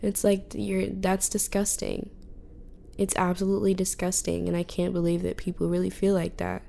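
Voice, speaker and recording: A young woman hosts her own podcast in a loose, frustrated rant, swearing freely and leaning on filler words. Her voice sits low, with a gravelly fry and a warm, mellow color. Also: completely flat delivery, normal speed, a little hiss or hum. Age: young adult. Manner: profane, frustrated, filler-heavy ranting. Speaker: podcast host.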